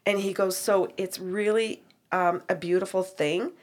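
A woman's voice: mid-range voice, measured pace. A woman who works as a medium, telling a story about a reading and acting out both sides of the conversation. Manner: animated retelling with quoted dialogue. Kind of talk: storytelling chat.

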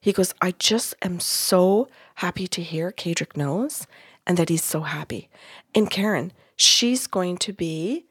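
A woman podcast host telling a story in a casual way, lively, acting out what others said in her own voice. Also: fairly low pitch, measured pace, husky, no room sound, clean studio sound.

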